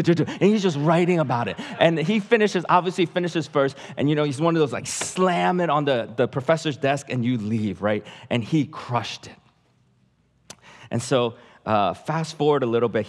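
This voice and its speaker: A man as guest pastor telling a story in a sermon, animated and acting out voices, then dropping to a hush. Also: mid-range voice. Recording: long reverb of a large hall.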